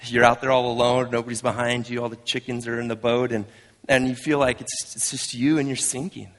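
A man's voice: medium pitch, level tone, a little fast. Earnest man preaching in a reverberant hall. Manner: earnest, conversational, with frequent restarts. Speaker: pastor. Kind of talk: sermon.

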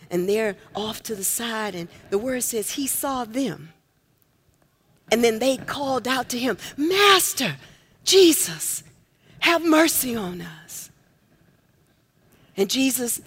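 A woman preacher with a high voice delivers an unhurried sermon. She talks straight to the congregation in a folksy way, calling for responses and swinging from rising shouts down to hushed, close lines. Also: husky. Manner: dynamic, swings from shouts to near-whispers.

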